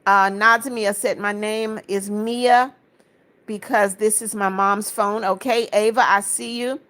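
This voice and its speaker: A Florida woman hosts a casual livestream, reading viewer comments aloud and answering each one with friendly greetings and blessings. Her medium-pitched voice is steady, slow and a bit bright.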